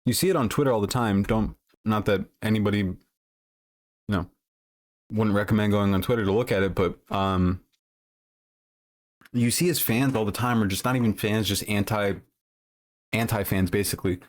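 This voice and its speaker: A man's voice: lowish voice, normal speed, long pauses. A man livestreaming casual commentary, rambling with lots of fillers and self-corrections, blunt and profane.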